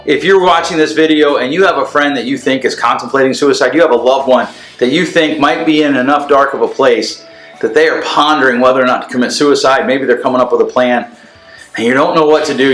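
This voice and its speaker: A man's voice: fairly high pitch, fairly bright tone. A man giving an earnest, pleading message straight to the camera as a counselor. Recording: echoey room with faint music.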